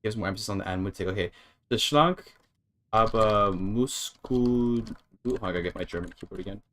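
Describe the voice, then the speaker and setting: A man streaming a game in casual talk, thinking aloud as he works through a translation, with halting restarts and tries at German words. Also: fairly low pitch, a bit bright, slight background noise. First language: English.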